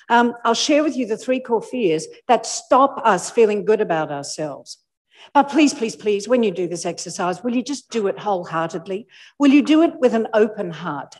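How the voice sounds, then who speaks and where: Australian woman, motivational speaker, high lively voice, echoing hall. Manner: animated, playfully mimics audience voices. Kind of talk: motivational keynote talk. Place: large hall with live audience. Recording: echoey hall with long reverb.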